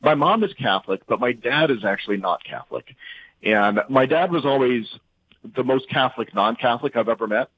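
Middle-aged guy, husky voice, lots of restarts, dry tinny phone sound. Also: medium pitch, no echo. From central Louisiana. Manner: animated, halting with restarts and fillers. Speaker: interview guest. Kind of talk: casual faith interview.

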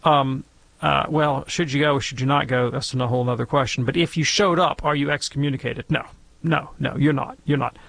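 A man's voice: mid-range voice, fairly even intonation, fairly quick, vocal fry, fairly bright tone. A man answering listener questions on a call-in radio show, explaining ideas casually and wandering off into jokey tangents. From Alabama, USA. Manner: rambling, digressive and jokey, with playful tangents. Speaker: guest theologian answering questions.

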